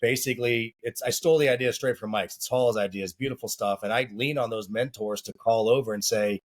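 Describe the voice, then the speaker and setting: A man's voice: mid-range voice, brisk. A man co-hosting a casual podcast as a soccer coach, chatty and rambling with filler words.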